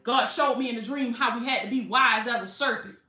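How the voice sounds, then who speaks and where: A woman preacher, delivering an animated sermon, calling listeners baby and laughing often. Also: a little high, a little fast, far from the mic. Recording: echoey, from off the mic, faint music.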